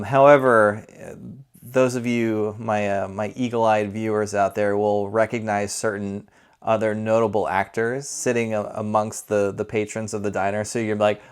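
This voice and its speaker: Low-voiced man casually reviewing a film. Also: smooth. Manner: conversational, rambling with self-corrections. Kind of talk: casual spoken movie review.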